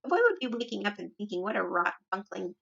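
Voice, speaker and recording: A woman reading the lines of a big, kindly old male giant from a storybook, speaking softly with mangled grammar. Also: mid-range voice, very animated, quick pace, gravelly, exaggerated voice. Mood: gentle. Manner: mangled grammar, soft-spoken. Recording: dull lo-fi video call audio.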